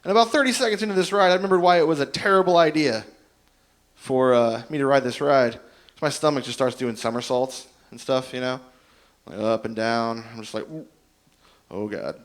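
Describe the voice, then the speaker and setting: A man's voice: medium pitch, steady tone, a little fast. Rambling stand-up comic man. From Indiana. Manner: rambling, self-deprecating storytelling with many fillers. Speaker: stand-up comedian. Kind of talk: open-mic stand-up set.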